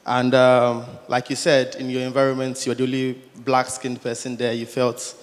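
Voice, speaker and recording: A man from the audience asks a question at a conference and tells his story in an animated way, with laughing asides. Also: mid-range voice, moderate pace. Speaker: audience member asking a question. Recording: hall with long reverb.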